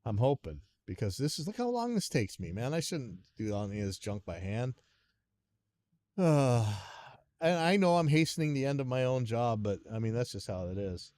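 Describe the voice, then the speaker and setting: A man's voice: mid-range voice, very animated, moderate pace, darkish tone. A man hosting a live stream, rambling and muttering to himself in a self-deprecating way as he works through a music session at his computer. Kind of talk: casual thinking-aloud commentary while working.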